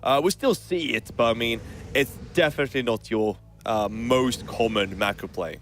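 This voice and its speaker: A man commentating a strategy game as a caster, easygoing and quick to laugh with his co-caster. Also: mid-range voice, soft background music. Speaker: esports caster.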